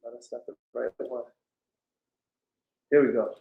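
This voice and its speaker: A man preaching informally on scripture, often pausing to ask "right?" and restarting his sentences. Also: mid-range voice, steady tone, vocal fry, narrow, tinny audio. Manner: keeps asking "right?", stops and restarts often. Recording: echoey room.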